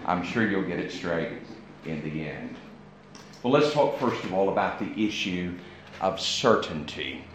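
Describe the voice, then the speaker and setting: Brief: American male preacher, emphatic, measured, in a big reverberant hall. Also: low voice, expressive. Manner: deliberate, emphatic, pausing speaker. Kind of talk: evening sermon. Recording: very echoey hall with faint noise.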